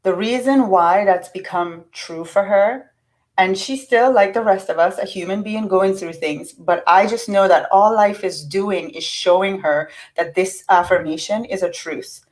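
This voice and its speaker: A woman's voice: medium pitch, a little slow, poor audio. Middle-aged woman, earnest coach, casual and encouraging, restarts her sentences. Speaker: affirmation teacher. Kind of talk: casual teaching talk.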